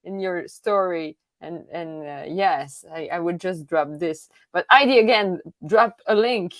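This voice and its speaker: Slow hesitant woman host. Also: lowish voice, no echo. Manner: hesitant, repeats words while asking questions. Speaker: podcast host. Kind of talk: casual interview chat.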